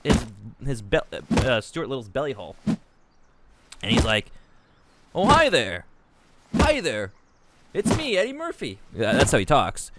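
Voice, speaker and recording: A man streaming a game and telling a long, rambling, profane comic story with animated asides. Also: mid-range voice, very noisy.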